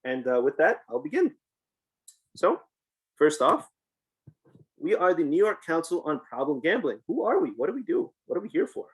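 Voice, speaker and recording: A man's voice: on the high side, big pitch swings, normal speed, pauses often, breathy edge, low-quality recording. A man, a community program team leader, giving a casual presentation over a video call and posing rhetorical questions. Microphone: video call microphone.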